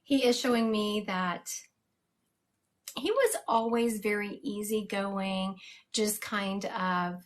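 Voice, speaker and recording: A woman's voice: medium pitch, slow pace. A woman hosting a live stream as a psychic medium, chatting casually and laughing at herself.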